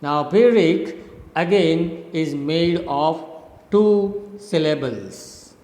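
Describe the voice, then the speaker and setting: A man from India, a professor of English literature, explaining poetic meter slowly and deliberately, repeating his examples. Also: on the high side, lively intonation, warm tone. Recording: echoey room with long reverb.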